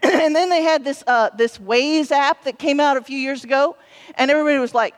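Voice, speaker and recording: A woman's voice: high voice, fairly quick. A woman pastor preaching a sermon in a humorous, self-deprecating way, with frequent ums and restarts. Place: church sanctuary. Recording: long church reverb.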